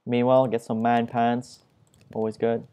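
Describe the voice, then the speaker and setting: Delivering puns deadpan, a young Let's Play gamer mocks himself casually while playing a video game. His medium-pitched voice has a clean tone and moves at a normal speed.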